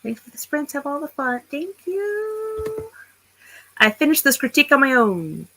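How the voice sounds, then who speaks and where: A woman's voice: sits high, expressive, fast, pushed and bright, low-quality recording. A woman hosting a casual writing livestream, chatty and thinking aloud as she reads and talks. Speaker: livestream host of writing sprints.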